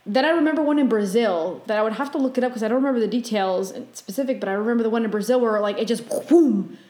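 In an echoey room, a female podcast co-host chats casually about a dream she had. Her retelling is lively, and when she quotes her own panicked words she voices them high and quickly.

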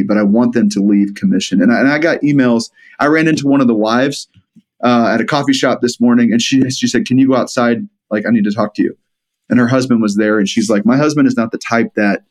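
A man's voice: lowish voice, darkish tone. A middle-aged man, a podcast guest, earnestly telling stories and quoting what others said to him. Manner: earnest, retells stories with quoted dialogue. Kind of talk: conversational storytelling.

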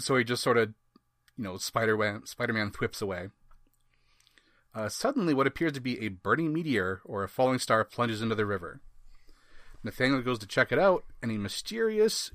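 A man's voice: mid-range voice, very animated, fairly quick, fairly bright tone, dry recording, clean studio sound. A man from Wisconsin hosting a casual comic book review podcast, wry and given to rambling asides and laughs. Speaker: podcast host.

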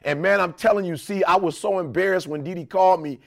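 A middle-aged podcast co-host tells stories animatedly during casual chat, acting out the voices of the people in them. He talks fast in a high-pitched, gravelly voice.

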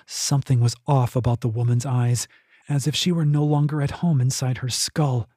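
A man reading his own fantasy novel aloud in steady, measured audiobook narration. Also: medium pitch, husky, no room sound, clean studio sound.

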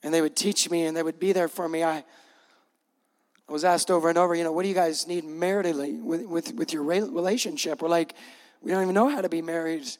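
A man's voice: fairly high pitch, steady tone, fast talker, a little mellow. A middle-aged male pastor giving a conversational, emphatic sermon with repeated punch lines. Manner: gets choked up, laughing through emotion.

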